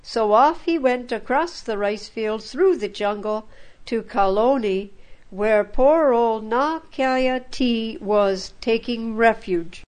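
Slow, calm woman storyteller. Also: a little high. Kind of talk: first-person story narration.

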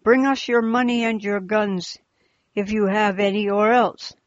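A woman's voice: fairly high pitch, measured pace, no echo, lightly acted. A woman voicing a gang of male rebel robbers who snarl and mock threats, in a slightly muffled recording. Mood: yelling.

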